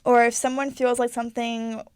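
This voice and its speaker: A young woman with a brightish, higher voice, talking in an earnest, reflective way as a podcast guest. The sound is dry and close to the mic. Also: level tone, normal speed, clear, resonant tone, no echo. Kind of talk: casual chat.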